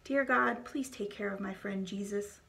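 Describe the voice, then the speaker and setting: A woman voicing an earnest, frightened young boy in a read-aloud storybook, with high pleading cries. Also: normal speed, creaky, a bit bright, far from the mic. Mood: anxious.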